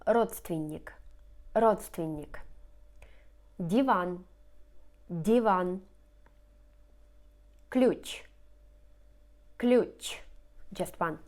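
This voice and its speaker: A woman teaching vocabulary, saying each word twice slowly and clearly and explaining in English. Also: fairly low pitch, darkish tone. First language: Russian. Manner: repeats each word slowly and clearly, rising question intonation. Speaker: language teacher. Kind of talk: slow lesson narration over slides.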